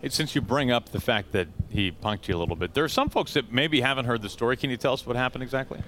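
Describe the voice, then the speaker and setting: A man's voice: medium pitch, fast, fairly bright tone, a little hiss or hum. A man hosting a sports podcast, asking questions and joking around easily. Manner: jokey, laughs easily. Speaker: podcast host. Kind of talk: casual interview chat.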